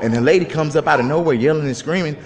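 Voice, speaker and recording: A man in a hospital corridor films on his phone, talking fast and upset. His voice sits a little high for a man, and he keeps going back over the same words as he tells what happened. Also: long reverb tail. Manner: upset, repeating himself, recounting what was said. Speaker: father filming an incident. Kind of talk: agitated phone-filmed confrontation. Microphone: phone camera he is holding.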